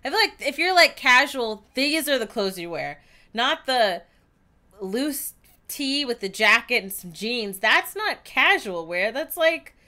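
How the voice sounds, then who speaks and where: A woman's voice: on the high side, sing-song, a little slow. A woman giving casual, outspoken commentary while playing a story game. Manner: chatty, outspoken, reacting loudly to the story. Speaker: gameplay streamer. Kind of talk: casual let's-play commentary.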